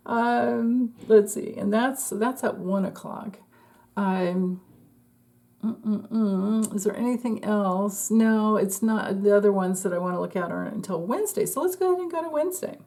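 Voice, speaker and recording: A woman's voice: mid-range voice, darkish tone. A woman astrologer giving a casual, chatty forecast, laughing often and trailing off mid-thought.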